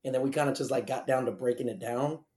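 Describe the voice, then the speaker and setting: A man's voice: mid-range voice, fast talker, reverberant. A man co-hosting a casual podcast chat, swearing often and laughing as he talks. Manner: profane, animated, laughs often. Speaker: podcast co-host.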